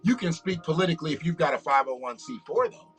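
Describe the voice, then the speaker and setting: A man's voice: on the high side, animated, quick pace, a bit bright, faint music behind. A man, hosting a livestream with blunt, profane, preachy commentary. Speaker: livestream host. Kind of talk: casual political commentary livestream.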